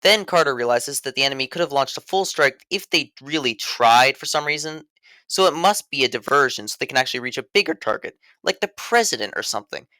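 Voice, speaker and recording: Sarcastic man with a bright voice. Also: medium pitch, lively intonation, fairly quick, no room sound. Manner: sarcastic, mock-serious delivery. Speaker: video game reviewer. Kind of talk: scripted voice-over commentary.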